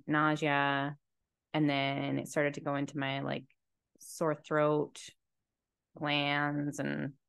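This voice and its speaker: A young woman with a stuffy cold and low energy, talking to camera in a slow, reflective personal monologue with many fillers, seated indoors in a chair. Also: creaky, clean tone, no room sound, studio quality. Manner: slow, slumped, soft-spoken musing with many fillers. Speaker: podcast host and tarot reader.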